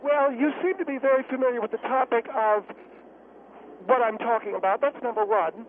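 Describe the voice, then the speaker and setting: A man voicing a haughty, combative older woman caller who mocks everyone in a cracking falsetto, heard over a phone line. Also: a little fast, slight background noise. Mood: snippy. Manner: snippy, mocking, combative. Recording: dry tinny phone line.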